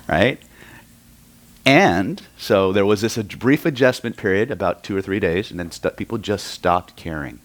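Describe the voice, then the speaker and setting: Deep-voiced man lecturing a seminar. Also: normal speed. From Oklahoma, US. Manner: storytelling, keeps checking in with the room. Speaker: hypnosis and NLP trainer. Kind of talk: live seminar lecture to an audience.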